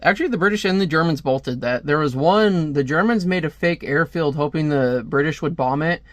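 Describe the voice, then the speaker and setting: Man reviewing a comic, rambly and chatty, slightly high voice. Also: fairly quick, dry recording. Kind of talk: casual comic review read-aloud.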